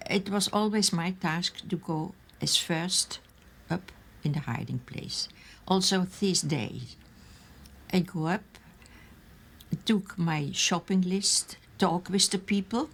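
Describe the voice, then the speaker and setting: Slow, halting older woman. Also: lowish voice, vocal fry. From Austria. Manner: halting, searching for English words. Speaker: eyewitness interviewee. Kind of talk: documentary interview recollection.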